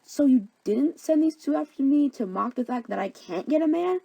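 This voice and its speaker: A woman voicing an insecure, frantic young woman in a cartoon parody, loud and whiny. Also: high voice, lively intonation, normal speed, vocal fry, dry recording, voice pushed up. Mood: upset.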